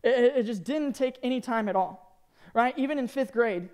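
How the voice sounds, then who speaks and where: A young man in his twenties from Arkansas, giving a joking, animated talk to students as a youth speaker. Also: very high-pitched, moderate pace, clean tone. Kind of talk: sermon to students.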